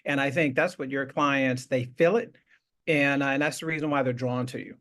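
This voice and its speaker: A man's voice: medium pitch, steady tone, moderate pace. A man hosting a casual interview, rambling with frequent restarts and laughter. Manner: rambling, warm praise with many restarts and laughs. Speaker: show host.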